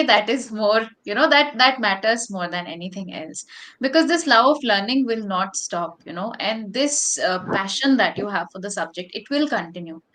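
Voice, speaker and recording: Expressive woman teacher, higher voice. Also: low-quality recording. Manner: expressive, switching between English and Hindi. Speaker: teacher and interviewer. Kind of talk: warm online class chat.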